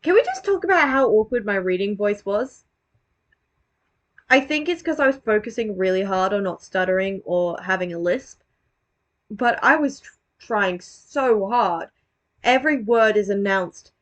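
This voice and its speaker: A woman's voice: mid-range voice, lively intonation, a little slow. A woman giving casual, self-deprecating commentary on her own old video, rambling, swearing and restarting her sentences.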